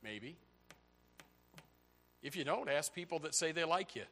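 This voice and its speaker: A pastor preaching a sermon, swinging from loud, high outbursts to low, quiet stretches. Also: male voice, a little slow. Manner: animated preaching, voice rising to near shouts and dropping low.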